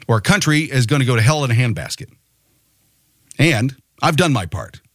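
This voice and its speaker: A man's voice: mid-range voice, lively intonation, moderate pace, a bit bright, no room sound, studio quality. Rousing male podcast host. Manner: rousing, full of rhetorical questions. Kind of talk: political podcast monologue.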